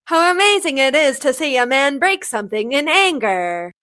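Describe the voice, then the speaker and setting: A woman's voice: high voice, animated, normal speed, sharp tone. A woman narrating movie trivia in a short video, with wry, teasing questions and answers.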